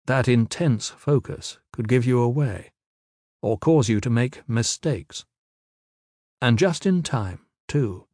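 A man narrates an audiobook in a steady, measured storytelling style, his voice at medium pitch. It's scripted narration with clean studio sound and no echo.

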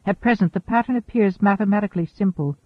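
A man reading the lines of a calm, precise male starship computer in an audiobook. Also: high voice, no echo. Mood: calm, informative. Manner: measured, informative. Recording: thin phone-like dry audio.

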